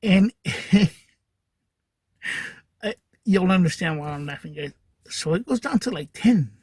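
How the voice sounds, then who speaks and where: Rambling husky man telling a story. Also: sits high, lively intonation, measured pace, a little mellow, no echo. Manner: rambling, lots of fillers and restarts. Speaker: podcast host. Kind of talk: casual storytelling monologue.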